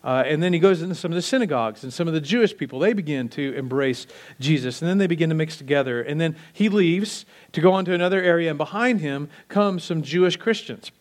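A man preaching a sermon in a conversational, animated way, acting out quotes as he teaches. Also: on the high side, fast talker. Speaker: pastor.

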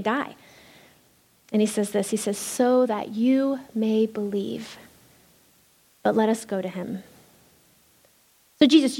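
A woman pastor preaching a sermon, telling the story with lively delivery and acting out the voices of the people in it. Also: on the high side.

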